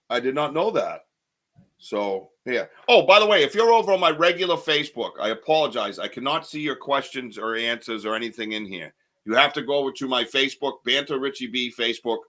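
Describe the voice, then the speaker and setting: A man hosts a loose live podcast and reads listener comments out loud. His voice is bright and forceful, and he rambles with plenty of ums and half-started sentences. The delivery stays casual and chatty throughout. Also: medium pitch. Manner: rambling, chatty, many fillers and restarts. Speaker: podcast host. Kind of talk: casual live-stream chat, reading viewer comments.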